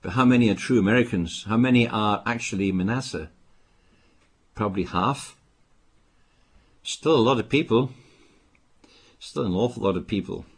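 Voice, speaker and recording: An older man from Britain preaching a sermon, with emphatic bursts and quieter asides. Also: on the low side, moderate pace, long pauses, slightly rough. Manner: emphatic, rising to stress warnings, then dropping to asides.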